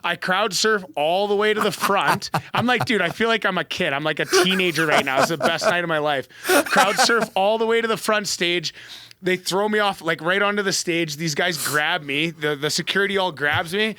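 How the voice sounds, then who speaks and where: A man, a pro athlete guest on a podcast, telling a story in a casual, animated way, full of "like" fillers. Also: high-pitched, normal speed. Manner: animated, heavy use of "like" fillers.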